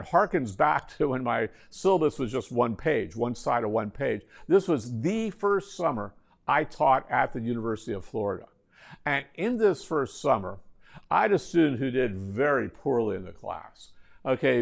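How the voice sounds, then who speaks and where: A man's voice: mid-range voice, gravelly. A middle-aged man, a university professor, giving a classroom lecture with anecdotes and wry joking asides.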